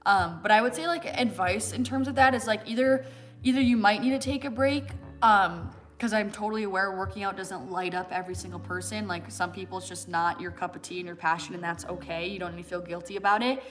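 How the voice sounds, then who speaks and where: A young American woman in her twenties hosts a fitness livestream, chatting casually and answering viewer questions in a mid-range, fairly even voice that runs a little fast. She's chatty, laughs often, and leans on fillers and "like," with soft music playing in the background.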